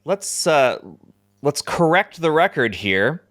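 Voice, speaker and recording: A man's voice: fairly high pitch, sing-song, slow, a bit bright, no echo, clean studio sound. A man hosting a podcast in casual chat, steering the conversation and reading quotes aloud. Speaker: podcast host.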